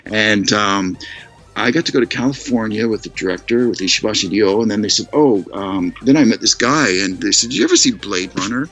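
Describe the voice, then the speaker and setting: A man with a fairly low but bright, forward voice tells long stories on a casual video call. He is animated and keeps slipping into other people's voices, with faint music behind him. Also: a little fast. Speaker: guest storyteller. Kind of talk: casual chat on a live stream. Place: living in Tokyo.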